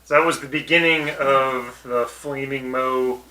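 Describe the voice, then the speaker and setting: Man podcast co-host, sharp bright tone, easygoing, echoey room. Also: medium pitch, measured pace. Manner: relaxed, chuckling, leads the segments. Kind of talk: casual episode review chat.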